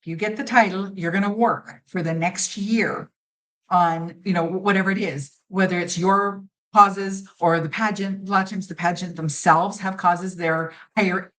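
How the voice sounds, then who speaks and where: A woman's voice: on the low side, steady tone, moderate pace, fairly bright tone, poor audio. A middle-aged woman talks through interview questions as a seasoned pageant judge and coach. She sounds confident and emphatic, slips into quoted voices to make a point, and laughs easily. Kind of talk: conversational interview answers.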